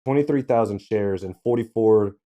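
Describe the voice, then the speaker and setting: A man's voice: lowish voice, moderate pace, highs cut off. A man co-hosting a casual podcast chat, telling a laid-back story with chuckles. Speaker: co-host.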